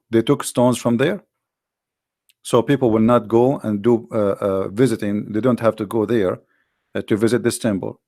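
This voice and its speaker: A man's voice: medium pitch, gravelly, a little mellow. A man with giving a combative religious talk, firing rhetorical questions in a mocking tone. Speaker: Christian apologetics presenter.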